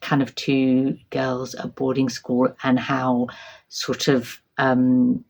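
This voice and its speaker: Low-voiced middle-aged woman, rambly book chat, lots of ums and restarts. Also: monotone, slow, vocal fry, a little mellow. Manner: chatty, hesitant, many ums and restarts. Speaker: book vlogger. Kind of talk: casual book chat to camera.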